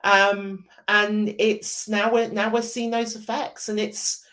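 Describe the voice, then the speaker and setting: A British woman co-hosting a casual podcast, speaking at an ordinary middle pitch. She talks earnestly and rambles, with plenty of fillers and restarts. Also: little pitch movement, slow pace, a bit bright. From Britain. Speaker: podcast co-host. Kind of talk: casual chat.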